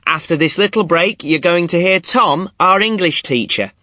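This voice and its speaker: Bright, clear male podcast host. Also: high-pitched, no room sound, clean studio sound. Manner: clear, measured presenting. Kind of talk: scripted podcast presenting.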